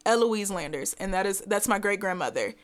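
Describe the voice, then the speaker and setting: A young woman co-hosting a podcast, talking in an animated, emphatic way and laughing often. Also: medium pitch, a little fast. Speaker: podcast co-host. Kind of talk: casual chat.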